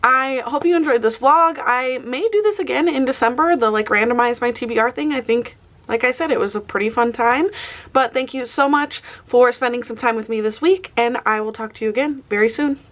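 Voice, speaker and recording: A woman's voice: a little high, fairly quick, fairly bright tone. A young woman vlogging casually about books, chatty and full of "like" fillers. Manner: chatty, peppered with "like". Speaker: book vlogger. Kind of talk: casual vlog chat.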